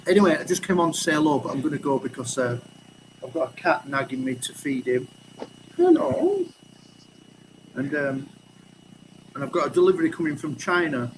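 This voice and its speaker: A man's voice: a little high, quick pace, noisy background. A man with a Yorkshire accent, a guest on a stream playing God in casual joking chat. He talks in a chatty, mock-solemn, rambling way. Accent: Yorkshire English.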